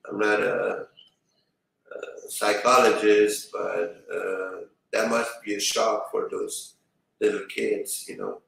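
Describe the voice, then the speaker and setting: Male streamer, slow rambling delivery, heard from off-mic in a very echoey room. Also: fairly low pitch, gravelly, far from the mic. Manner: rambling, fills with "you know". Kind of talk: casual storytelling to viewers.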